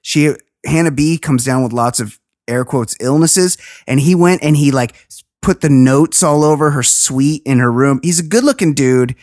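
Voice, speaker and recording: A woman's voice: low voice, moderate pace, darkish tone, dry recording, studio quality. A woman hosting a podcast, recapping a reality show in a gossipy, sarcastic, profane way. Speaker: podcast host. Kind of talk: casual podcast chat.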